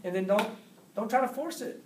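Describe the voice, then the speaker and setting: A man giving a motivational seminar talk, animated, acting out quotes with big jumps in pitch. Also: fairly quick, a little hiss or hum. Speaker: speaker at a business seminar. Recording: echoey room, voice from far off.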